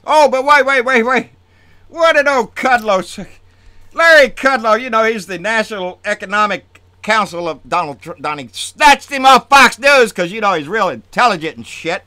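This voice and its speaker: A man delivering an angry, profane political rant on his own channel, swinging from low muttering to loud outbursts. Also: lively intonation, moderate pace, no room sound. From Texas. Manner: profane, fired-up, swings between muttering and shouting. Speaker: political vlogger.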